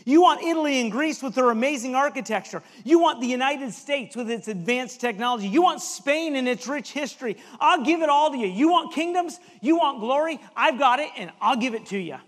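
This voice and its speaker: A man acting out the devil as a smooth, persuasive tempter offering the world's kingdoms. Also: extremely high pitch, lively intonation, brisk, few pauses, a bit bright, in a large hall, exaggerated voice. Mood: coaxing.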